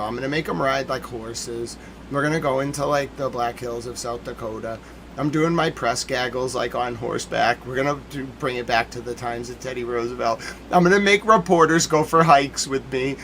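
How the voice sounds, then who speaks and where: A man's voice: medium pitch, a little fast, vocal fry, slight background noise. Joking man rambling on a stream. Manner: joking, animated, laughs at his own ideas. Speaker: host of a nightly news recap stream. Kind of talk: casual rambling livestream monologue.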